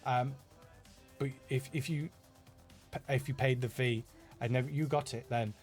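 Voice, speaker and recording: A middle-aged Yorkshireman with a broad Yorkshire accent, chatting loosely through viewer questions in a live stream. He rambles in an easygoing, self-mocking way, full of ums and restarts, at a middling pitch, with faint music under him. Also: fairly even intonation, normal speed, a little mellow. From Yorkshire, England. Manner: chatty and self-deprecating, many fillers and restarts. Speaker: animator answering viewer questions. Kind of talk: casual live Q&A.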